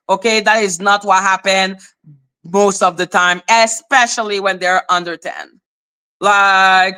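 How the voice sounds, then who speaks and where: A former teacher turned livestream host, this woman talks bluntly and swears without pause. Her voice sits a little high and rings bright and sharp. It is casual, animated commentary delivered straight to her audience. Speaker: live commentary channel host.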